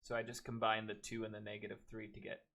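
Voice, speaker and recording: Male math teacher, classroom lecture, bright voice, joking asides, chatty. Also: lowish voice, completely flat delivery, fast talker, creaky. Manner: joking, chatty asides between worked steps.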